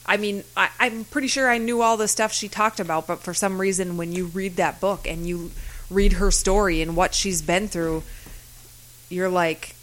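A woman's voice: mid-range voice, fairly even intonation, normal speed, a bit bright. A woman co-hosting a podcast, talking in a casual, earnest way. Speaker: podcast co-host. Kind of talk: casual chat.

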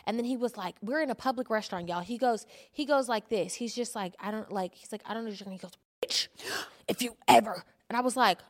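A woman co-hosting a podcast, telling a story in animated, casual chat and swearing often. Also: on the high side, fast talker. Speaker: podcast co-host.

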